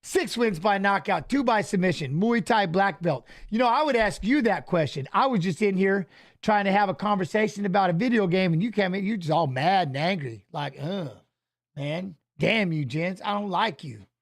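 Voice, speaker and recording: A man's voice: high-pitched, animated, fairly quick. A man co-hosting a fight watch-along stream, chatting loosely and jokingly, reading viewer comments aloud and swearing casually. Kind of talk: casual live-stream chat.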